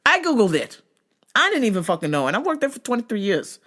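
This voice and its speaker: Middle-aged lady host ranting about a story, swears a lot, laughs a lot, super animated. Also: a little high, fast talker. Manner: profane, animated, laughs often. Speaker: show host. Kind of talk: casual storytelling rant.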